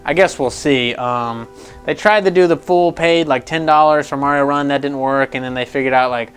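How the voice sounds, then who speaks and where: Male gaming-news host, higher-pitched, swears freely, rambles and laughs, faint music underneath. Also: normal speed, clear, resonant tone. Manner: profane, animated, laughing, rambling. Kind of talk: casual gaming news commentary.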